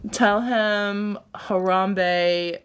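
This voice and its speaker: A woman talking at an unhurried, slow pace as she hosts a casual livestream. She chats directly with her viewers and laughs often between remarks. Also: medium pitch, fairly even intonation, a little hiss or hum. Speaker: livestream host.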